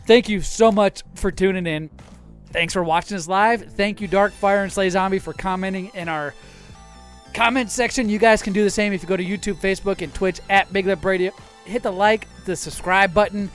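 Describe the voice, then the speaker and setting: A man's voice: high voice, fairly even intonation, moderate pace, a bit bright, soft background music. A man hosting a live podcast stream, joking and swearing loosely while he has the hiccups. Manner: loose, profane, joking, winding down the show. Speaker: podcast host. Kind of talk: casual live-stream chat.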